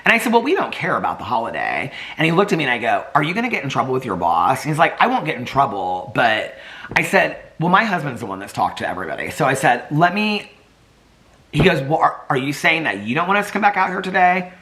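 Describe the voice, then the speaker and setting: A man telling a story to his camera in a casual vlog, chatty and animated, laughing often and acting out the people he quotes. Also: fairly high pitch, fast. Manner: drops to a hushed whisper near sleeping dogs. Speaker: vlogger. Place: home.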